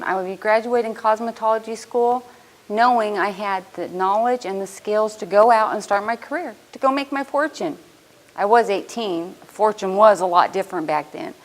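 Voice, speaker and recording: A woman in her fifties stands to give a prepared speech as a student speaker. Her voice sits in a middle pitch, and she tells her own story in an earnest, heartfelt way. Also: poor audio. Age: 50s.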